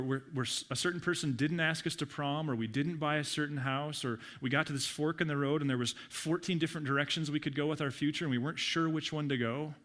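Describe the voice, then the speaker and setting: A man's voice: on the high side, fairly bright tone. A middle-aged man preaching a sermon to his congregation in a church, speaking conversationally and often repeating words as he starts a sentence. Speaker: pastor.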